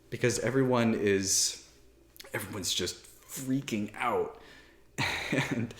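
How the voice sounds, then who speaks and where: A man's voice: mid-range voice, roomy sound. A man in his thirties, a priest, giving a candid, self-deprecating talk with many fillers and restarts from a library armchair. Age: 30s. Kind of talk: casual spoken talk to camera.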